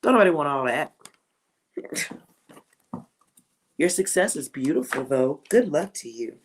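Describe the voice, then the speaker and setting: A woman doing a live tarot reading for a viewer. She speaks slowly and lets her words stretch out, blunt and full of slang. She laughs often and jumps between loud outbursts and near-whispered asides. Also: deep voice, sing-song, low-quality recording. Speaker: tarot reader.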